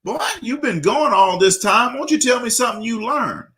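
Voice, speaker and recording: A man voicing a stern old grandfather in a told joke, speaking in a gruff, scolding way. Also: extremely high pitch, lively intonation, moderate pace, sharp tone, pitched above the performer's own voice, full character voice.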